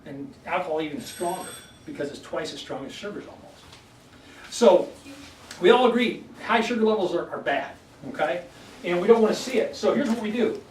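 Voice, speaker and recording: A man's voice: high voice, lively intonation, fairly quick, a little mellow. A man, a chiropractor giving a folksy health workshop to a live audience and often checking in with "okay?". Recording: echoey room, voice from far off, faint background noise.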